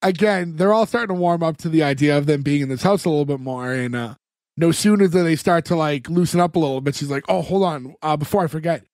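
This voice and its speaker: Guy on a podcast going over an episode, kinda high voice, lots of "like" and "you know", dry close mic. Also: fast, darkish tone, dry recording. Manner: rambling, many fillers, acts out characters' lines. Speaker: podcast co-host. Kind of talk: casual chat recapping a TV episode.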